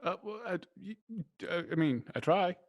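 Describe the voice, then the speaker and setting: A man's voice: sits high, expressive, moderate pace, dry recording, clean studio sound. A man taking part in a tabletop role-play, talking in a flustered, stammering way. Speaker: player.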